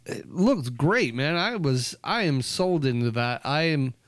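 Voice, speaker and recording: A man's voice: on the high side, big pitch swings, measured pace, dry recording. A man co-hosting a casual podcast chat, joking around and slipping now and then into mock voices. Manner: jokey, slips into mock voices. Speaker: podcast co-host.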